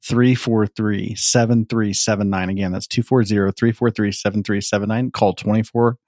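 A man's voice: lowish voice, steady tone, moderate pace, a little mellow, dry recording, studio quality. A man co-hosting a podcast in casual chat, earnest and tripping over his words. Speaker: podcast co-host.

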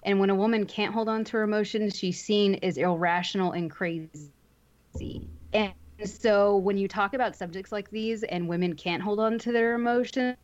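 A woman's voice: medium pitch, steady tone, normal speed, darkish tone, highs cut off. A woman co-hosting a livestream, talking frankly and chattily, thinking aloud as she goes. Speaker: streamer, co-host. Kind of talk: casual chat on a livestream.

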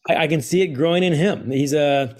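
A middle-aged man, an author speaking as a guest, telling stories in an animated way and laughing often. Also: on the high side, a little fast. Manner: energetic, quotes others in put-on voices, laughs often. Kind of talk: animated storytelling interview.

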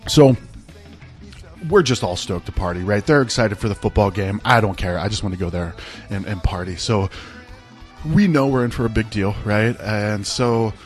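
A man with a lowish voice tells a personal story at a normal speed, faint music playing behind him. He rambles in a laid-back way, scattering "like" and "right?" throughout.

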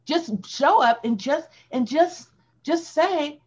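A woman with a fairly high voice talks as a podcast guest, telling stories and pressing her points with emphatic repetition. The sound is dull and lo-fi, like a muffled online recording. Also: animated, takes it slowly. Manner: emphatic, repeats key phrases. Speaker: podcast guest, sales leader. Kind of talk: conversational interview storytelling.

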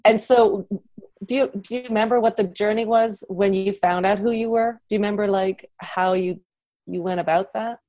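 A woman interviewer asking thoughtful, gently probing questions in a conversational interview. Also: mid-range voice, fairly even intonation, moderate pace.

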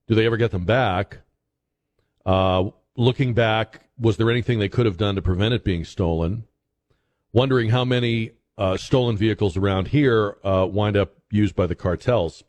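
A man with a voice on the low side hosts a talk radio show. His commentary is conversational and halting, full of fillers and restarts.

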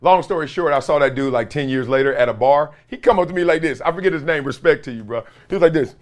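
A man hosting a show, telling football stories in a casual, animated way, laughing often and acting out other people's lines in a raised voice. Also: on the high side, fast talker. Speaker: former NFL player and podcast host. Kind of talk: casual storytelling chat.

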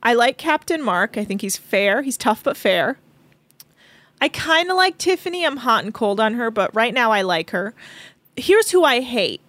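A woman's voice: on the high side, sing-song, normal speed, fairly bright tone, dry recording. Chatty woman podcast co-host. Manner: chatty, laughs often, lots of "like". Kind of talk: casual recap chat.

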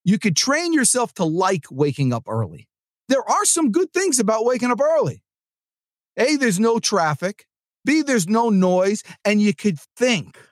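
A man's voice: high-pitched, measured pace, dry recording. A man from New Jersey hosting a sales podcast in a casual, rambling motivational monologue full of restarts. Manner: animated and rambling, with many restarts. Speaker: podcast host and sales trainer.

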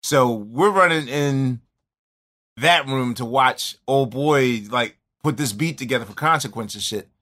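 A man's voice: mid-range voice, a little slow, sharp tone. A man in casual chat, telling a rambling, reflective story full of restarts.

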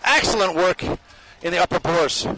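A man giving running spoken commentary as a marching band judge outdoors on the field, appraising the players with quick bursts of praise. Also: high voice, lively intonation, noisy background. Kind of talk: live judging commentary over a performance. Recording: live brass band loud behind.

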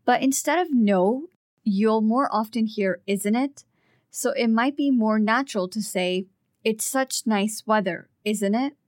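A woman co-teaching a language lesson, explaining phrases in a measured, patient way. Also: a little high, no room sound, studio quality.

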